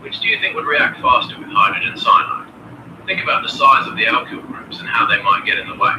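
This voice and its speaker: Polite male AI tutor, formal and apologetic, lively pitch, distant and noisy. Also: fairly quick, reverberant. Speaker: AI chemistry tutor. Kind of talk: quizzing a student.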